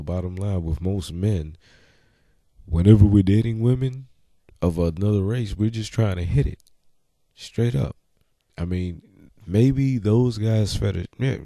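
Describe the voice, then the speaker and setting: Low, dark-voiced Jamaican man. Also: no room sound. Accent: Jamaican, mild in plain talk. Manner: blunt and frank, frequent "you know" asides. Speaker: vlogger. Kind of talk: casual monologue to camera.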